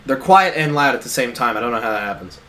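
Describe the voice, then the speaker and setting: A man's voice: mid-range voice, expressive, fast, bright, forceful tone. A young man co-hosting a podcast in casual chat, rambling and joking, often drifting off on tangents. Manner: rambling, jokey, goes off on tangents. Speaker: podcast co-host.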